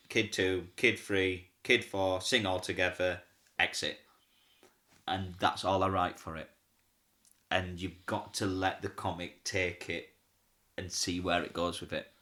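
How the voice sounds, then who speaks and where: A pantomime comic with a low yet bright, forward voice shares backstage stories in a relaxed interview. He's chatty and quick to laugh, slipping into the voices of the people he quotes.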